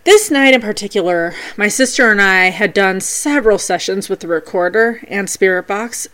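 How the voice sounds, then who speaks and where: Her mid-range voice moves at a normal speed as she, a podcast host, shares accounts of investigating the paranormal in an animated, playful manner that still sounds scripted.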